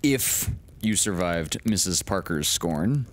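A man hosting a story show, reading classic short stories aloud in a measured storytelling manner with the odd casual aside. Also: deep voice, expressive, slight background noise. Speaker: storyteller host.

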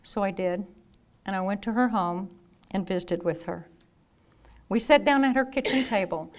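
A woman in her fifties, a nurse telling lively anecdotes in a talk and acting out the people she quotes. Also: mid-range voice, moderate pace. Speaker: nurse and speaker. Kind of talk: storytelling talk.

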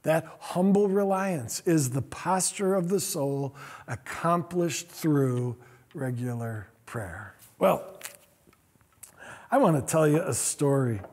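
A man's voice: a little high, animated, takes it slowly, a little mellow, husky. A middle-aged man, a pastor, telling a story in a sermon in an earnest, self-deprecating way. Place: church sanctuary.

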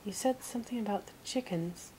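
A woman voicing a composed young man who speaks politely with gentle teasing, as whispered role-play. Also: mid-range voice, brisk, a little hiss or hum, close to an everyday voice, low-quality recording.

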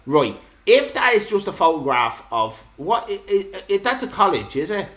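An Irish woman co-hosting a live stream, judging entries with teasing, deadpan banter. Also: medium pitch, normal speed. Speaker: co-host. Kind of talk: playful banter, mock-grumpy judging.

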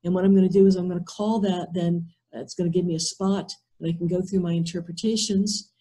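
A woman presenting in an online workshop, methodically walking through a software demonstration over a video call, thinking aloud step by step. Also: on the low side, fairly even intonation, quick pace, husky, poor audio.

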